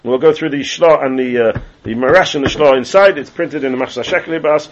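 A man's voice: mid-range voice, brisk, slight background noise. A man teaches a class on Jewish law, explaining texts and repeating phrases as he goes. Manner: explains texts, switches between English and Hebrew terms, repeats phrases. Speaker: teacher leading a Torah class. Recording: dull lo-fi classroom recording.

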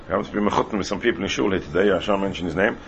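A man teaching a Talmud class, talking quickly and repeating words as he explains. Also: deep voice, a little hiss or hum. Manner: rapid, heavily repeats words while explaining.

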